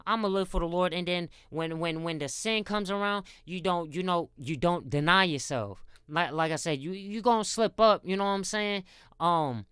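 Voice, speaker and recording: Smooth-voiced man in casual faith talk. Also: high voice, normal speed, fairly bright tone, no room sound, studio quality. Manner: rambling, repeats words, addresses viewers as guys. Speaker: Christian content creator.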